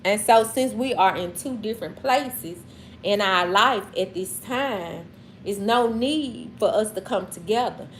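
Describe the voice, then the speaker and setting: A woman from Mississippi with a Southern accent speaks casually and emphatically to her livestream chat, repeating herself for effect in a preachy way. Her mid-range voice is unhurried, with a slight hiss or hum on the recording.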